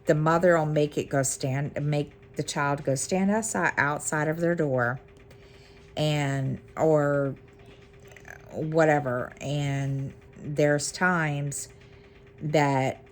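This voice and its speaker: A woman's voice: sits low, fairly even intonation, slow, slight background noise. A middle-aged woman chatting casually to her viewers, rambling with many ums and restarts. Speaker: cross-stitch vlogger. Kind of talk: casual chat to camera.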